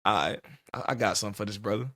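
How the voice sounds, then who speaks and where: A man in his twenties, a podcast co-host telling a story in casual chat, animated and laughing often as he acts out what people said. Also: fairly low pitch, very fast, dry recording, clean studio sound.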